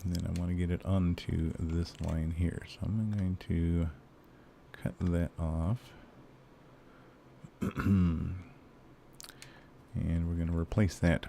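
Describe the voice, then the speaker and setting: Low gravelly man ranting on stream. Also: little pitch movement, takes it slowly, long pauses, warm tone, a little hiss or hum. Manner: swearing, ranting, frequent fillers. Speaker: game streamer. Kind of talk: casual live-stream chat.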